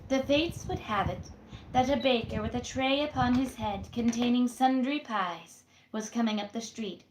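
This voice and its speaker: Woman reading a classic novel aloud. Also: a little high. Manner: measured reading with acted voices. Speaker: storyteller. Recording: roomy echo.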